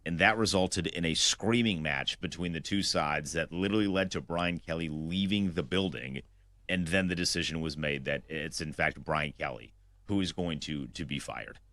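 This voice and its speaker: A man's voice: rumbling low, moderate pace, pushed and bright, no echo. A man co-hosting a sports talk show, telling a college football story in a sarcastic way.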